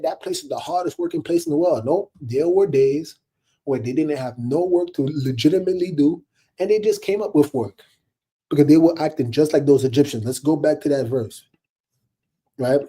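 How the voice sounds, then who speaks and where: A man giving a casual, preachy monologue to his viewers, animated and laughing often as he calls them y'all. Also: fairly high pitch, husky. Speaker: online commentator.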